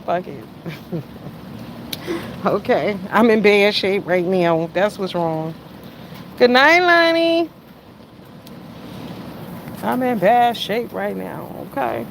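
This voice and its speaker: A woman around fifty hosts a loose livestream chat, talking straight to her viewers. She swings from loud bursts down to quiet asides. There is a faint hiss of noise behind her. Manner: chatty, swings from loud exclamations to low mutters. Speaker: livestream host.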